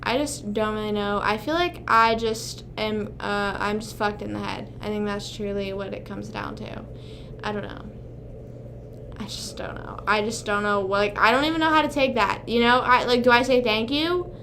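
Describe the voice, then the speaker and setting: A young woman hosts a casual livestream, rambling to her chat and swearing often. Her mid-range voice is steady and a bit bright at a moderate pace, with a little hiss or hum in the audio.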